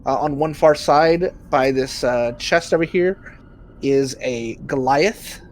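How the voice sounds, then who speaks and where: A man narrating a tabletop game as game master, relaxed and filler-laden. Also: medium pitch, slow, slight background noise.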